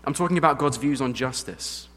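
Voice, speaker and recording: English guy preaching, earnest, goes quiet then loud, big hall echo. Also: medium pitch, brisk. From England. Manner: earnest, emphatic preaching that swings from hushed to loud. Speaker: pastor. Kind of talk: sermon. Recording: long hall reverb.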